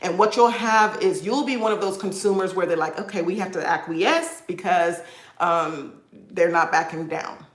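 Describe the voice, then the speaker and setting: A credit repair coach hosts a live video-call session, delivering a warm, uplifting talk and addressing her audience as "y'all." She speaks at a normal pace in a fairly low voice, and the room has an echo.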